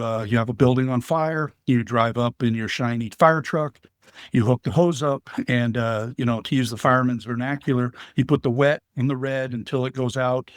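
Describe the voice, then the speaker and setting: A man answering interview questions in a measured, explanatory way, using vivid analogies. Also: medium pitch, no room sound, clean studio sound. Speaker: guest, business leader and veteran.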